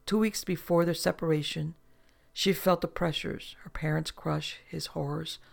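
A narrator reading a literary story in a measured, restrained way. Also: mid-range voice, steady tone, creaky.

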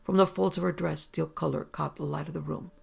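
A reader narrating a pulp detective story in an even, plain reading. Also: mid-range voice, brisk, vocal fry, husky. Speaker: audiobook reader.

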